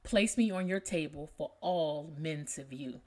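A woman voicing a loud, showy brass vessel in a read-aloud poem. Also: sits low, a little slow.

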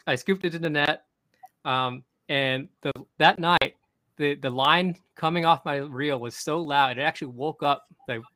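A young man hosting a podcast, telling a fishing story in an excited, rambling way with many restarts. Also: medium pitch, no echo, low-quality recording. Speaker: podcast host. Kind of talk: casual storytelling chat.

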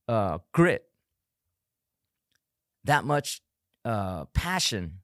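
A middle-aged man with a mid-range voice hosts a solo motivational podcast, recorded cleanly in a studio with no echo. He's a coach and a parent who speaks earnestly and emphatically, acting out harsh self-talk in sudden bursts.

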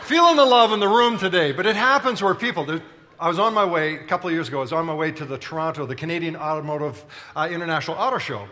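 In a large church auditorium, a pastor preaches a sermon very fast, his voice on the high side and sharp. He tells stories in a playful, conversational manner and banters with the congregation.

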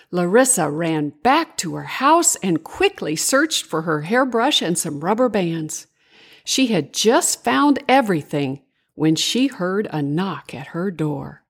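Slow, singsong older woman storyteller. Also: on the low side, slightly rough. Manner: gentle, singsong reading. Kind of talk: children's story narration.

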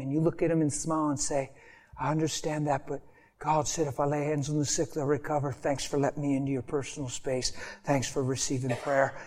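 High-voiced impassioned male preacher. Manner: impassioned, swings from loud animated storytelling to hushed intimate tones. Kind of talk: sermon with storytelling.

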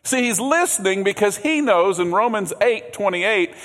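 A man preaching a sermon as pastor, earnest, repeating words, swinging from loud emphasis to hushed low passages. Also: lively intonation, normal speed. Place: church sanctuary. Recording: long hall reverb.

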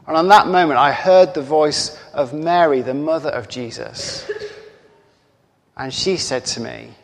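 A man preaching a sermon, telling a story slowly and earnestly, sometimes dropping to near-whispers. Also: fairly high pitch, creaky. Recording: long hall reverb.

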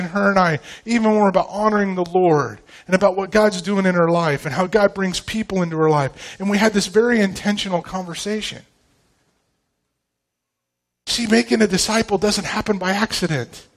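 A man's voice: sits high, normal speed. A man in his forties preaching a sermon with emphasis, asking the congregation rhetorical questions. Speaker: pastor.

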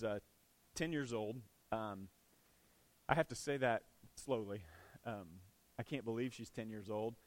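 A man's voice: mid-range voice, a bit bright. A man preaching a sermon in a church, earnest and conversational. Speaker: pastor.

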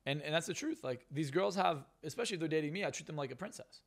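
A man's voice: fairly high pitch, expressive, quick pace, creaky. A man who is a hypnotist and coach, guest on a podcast interview, talking bluntly and profanely with lots of emphasis.

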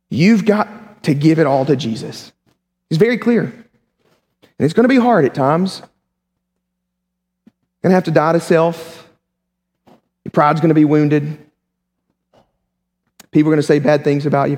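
A man preaching with a high, swooping voice that climbs and drops all over the place. He keeps it conversational and slips in joking asides. A long reverb trails every phrase, as if he is speaking in a big church hall. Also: moderate pace, pauses often. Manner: animated and conversational, with humorous asides. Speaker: pastor. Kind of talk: sermon.

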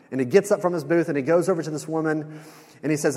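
A man preaching to a room, retelling a sitcom scene with animated quoted lines. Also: mid-range voice, fast. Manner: storytelling, animated when quoting. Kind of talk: sermon with retold sitcom scene. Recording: hall reverb.

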